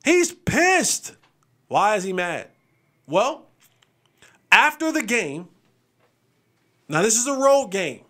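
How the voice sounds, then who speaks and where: A man hosts a casual sports talk show, with a voice that sits fairly high for a man. He talks in an animated, chatty way and acts out what players said. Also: unhurried, long pauses.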